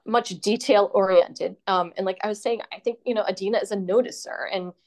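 A woman's voice: medium pitch, fairly even intonation, brisk, a little mellow. Woman interviewer; casual, searching questions full of "um" and "like". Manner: tentative, filler-heavy questioning. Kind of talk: conversational interview.

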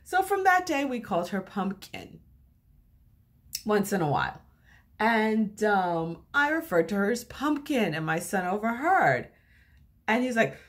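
A middle-aged woman, a relationship advice coach, talking casually to camera as an animated storyteller. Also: unhurried. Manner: animated storyteller with lively pitch swings.

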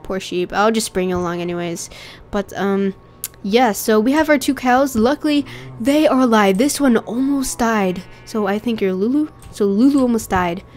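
A young woman with a cold, coughing and rough-voiced, chatting casually and getting easily exasperated while she plays. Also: on the high side, moderate pace, a little mellow, faint music behind. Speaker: gaming channel host. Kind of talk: casual gameplay commentary.

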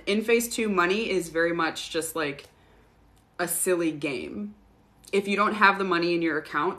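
Bright-voiced woman chatting casually. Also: fairly low pitch. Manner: casual, swears freely, laughs often. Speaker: host answering viewer questions. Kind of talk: casual livestream chat.

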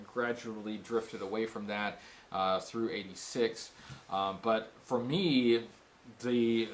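Halting man answering viewer questions. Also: mid-range voice, slight background noise. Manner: halting and thoughtful, with frequent pauses to think; reads viewer questions aloud, then answers them plainly. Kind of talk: casual Q&A vlog.

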